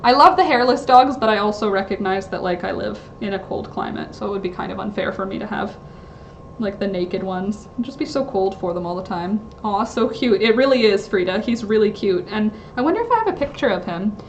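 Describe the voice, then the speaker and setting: A woman's voice: mid-range voice, expressive, a little fast, slight background noise. A woman chatting casually on a livestream from home, rambling and interrupting herself with lots of fillers. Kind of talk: casual live-stream chat.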